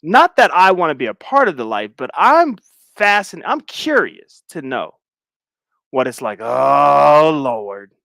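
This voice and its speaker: Animated, teasing male livestream host. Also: a little high, unhurried, creaky, no room sound, studio quality. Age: middle-aged. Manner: playful, teasing, laughs often. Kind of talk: casual chat reading viewer comments.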